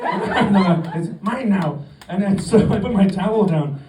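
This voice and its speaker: A man's voice: high-pitched, expressive, measured pace, background noise. A middle-aged Canadian man doing a stand-up comedy set, telling a story with lots of swearing and mock bravado. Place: comedy club stage. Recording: roomy live club audio from the stage mic at a distance. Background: audience laughter.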